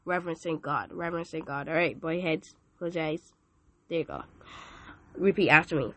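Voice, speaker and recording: A woman's voice: low-pitched, expressive, a little fast, a bit bright, dry recording. A woman hosting a podcast, giving an emphatic, preachy devotional talk with joking asides. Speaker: podcast host.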